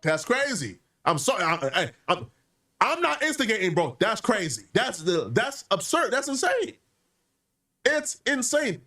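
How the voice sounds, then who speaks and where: A man with a high, swooping voice delivers animated commentary. He is opinionated and keeps slipping into mocking impressions of others as he argues. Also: a little slow, far from the mic. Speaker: commentary video creator. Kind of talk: hip-hop commentary video.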